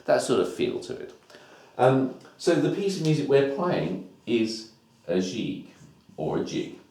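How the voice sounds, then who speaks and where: A man's voice: mid-range voice, big pitch swings, a little slow, a little mellow. A man teaching a music lesson, explaining new terms step by step in an informal way. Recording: echoey room.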